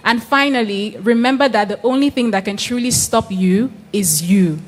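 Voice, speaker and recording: A woman's voice: a little high, normal speed. A woman accepting an award on someone's behalf, chatty and self-deprecating, reading a message aloud with fillers.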